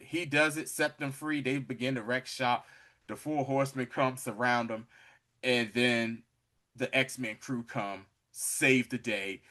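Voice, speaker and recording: A man hosting a podcast, recapping an episode in an animated, slangy way, often breaking into laughter. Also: medium pitch, unhurried. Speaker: podcast host.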